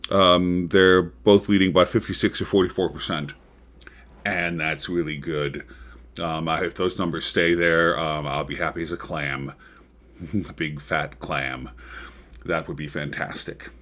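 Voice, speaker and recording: A man with a low voice hosts his own livestream talk show. He chats about politics in a casual, rambling way, full of ums and side remarks. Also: steady tone, a little slow, fairly bright tone. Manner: chatty, rambling with frequent ums and asides.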